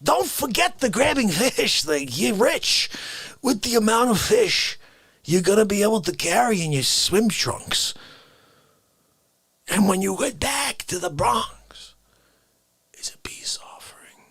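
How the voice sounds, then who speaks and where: An offended Bronx guy rants in a gravelly, husky voice that leaps high and crashes into hoarse whispers, put on by a man. He keeps the ranting running in an improvised comedy bit. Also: sing-song, unhurried, dry recording, exaggerated voice. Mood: indignant. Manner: swings between shouting and gravelly whispers.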